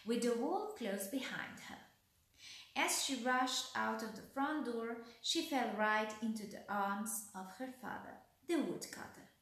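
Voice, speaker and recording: A woman reading a bedtime story aloud as storyteller, gently. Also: on the high side. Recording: very echoey room.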